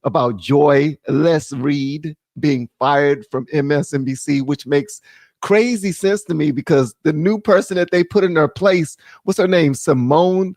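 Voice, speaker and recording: Lively laughing American male streamer. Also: on the high side, a little slow, dry recording. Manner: animated, laughing, jokey. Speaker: live stream host. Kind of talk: casual live-stream commentary.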